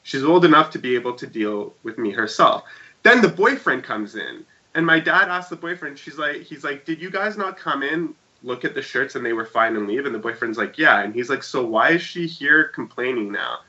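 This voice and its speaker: A man co-hosting a podcast, chatting casually and telling a story with animated swings between loud and quiet. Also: mid-range voice, fairly quick, dull audio. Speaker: podcast co-host. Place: home room with shelves.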